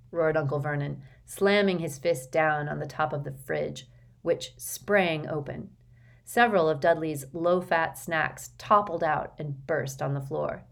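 Low-voiced woman reading a story. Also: a little slow, vocal fry. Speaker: audiobook narrator. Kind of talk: scripted narration.

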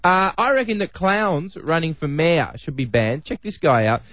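A man's voice: fairly high pitch, moderate pace, fairly bright tone, dry recording. A man, co-hosting a comedy radio show and telling funny anecdotes with chuckles. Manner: storytelling, chuckling asides. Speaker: radio co-host. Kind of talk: casual comedic radio banter.

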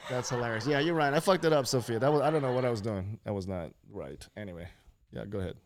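A man's voice: medium pitch, sing-song, a little fast, pauses often, background noise. A man co-hosting an online talk show in loose, joking chat, swearing freely and laughing often. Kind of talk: casual chat.

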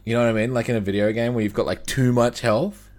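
A man's voice: mid-range voice, fairly even intonation, fast, darkish tone. A man co-hosting a casual podcast who jokes, teases his co-host and swears freely. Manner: joking, teasing, swears freely.

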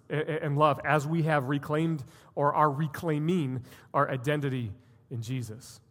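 A man's voice: mid-range voice, fairly bright tone, long reverb tail. A man preaching a sermon as a pastor, telling a story earnestly and building to emphatic points. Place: church sanctuary.

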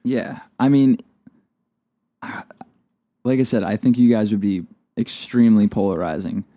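Mellow, low-voiced young radio co-host. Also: male voice, measured pace, dry recording. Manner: hesitant, full of "like" fillers. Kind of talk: casual radio banter.

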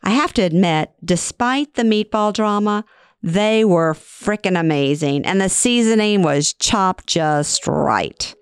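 A woman's voice: mid-range voice, slow, smooth, no room sound, clean studio sound. A woman hosting a podcast, telling her own family stories in a frank, wry way. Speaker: podcast host and storyteller. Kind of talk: first-person storytelling.

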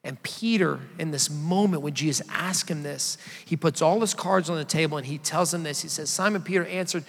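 A man's voice: a little high, brisk, gravelly, few pauses. A man preaching a sermon as a pastor, talking conversationally and asking the congregation to call out answers. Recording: long hall reverb.

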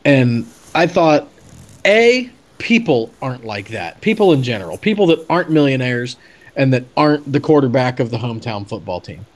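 A man's voice: mid-range voice, very animated, normal speed. A man telling a story in a casual chat, chatty with many fillers and restarts. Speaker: podcast guest telling a story.

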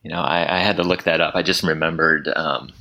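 A man co-hosting a podcast, chatting casually and hesitantly with many pauses. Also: rumbling low, flat delivery, bright, forceful tone. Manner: hesitant, lots of ums. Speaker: podcast co-host. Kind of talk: casual chat.

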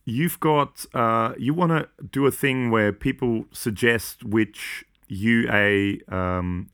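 Here an Australian-accented podcast co-host chats casually and rambles, tossing in jokes and side comments. His medium-pitched voice is clear and resonant with a fairly bright tone.

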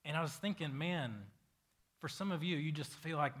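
A male pastor preaching a sermon to a congregation, telling stories with lively acted-out quotes. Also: fairly high pitch, normal speed, slightly rough. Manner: animated storytelling, acting out quoted voices. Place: church hall with a congregation.

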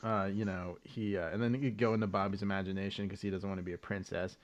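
A man's voice: sits low, little pitch movement, fast talker. A man co-hosting a podcast, rambling casually through a recap with loose swearing. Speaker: podcast co-host. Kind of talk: casual chat.

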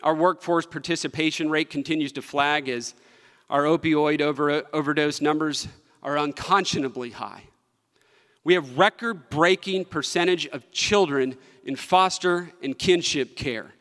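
A man's voice: a little high, a little slow, a bit bright. Impassioned man at a podium. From West Virginia. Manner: impassioned, emphatic, with repetition for effect. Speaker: state treasurer. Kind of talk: political conference speech. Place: large conference hall. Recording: long hall reverb from a conference room.

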